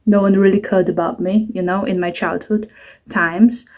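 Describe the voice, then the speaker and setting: A woman's voice: medium pitch, fairly even intonation, moderate pace, a little mellow. A woman in her twenties chatting to camera in a rambling, self-mocking way, at home at night. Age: 20s. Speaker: vlogger. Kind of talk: casual talking-to-camera vlog.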